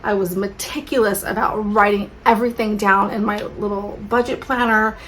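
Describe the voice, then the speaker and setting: A woman's voice: medium pitch, steady tone, moderate pace, fairly bright tone, slight background noise, poor audio. A woman in her thirties chatting casually to her camera, rambling with lots of fillers and self-corrections. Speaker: homemaker vlogger.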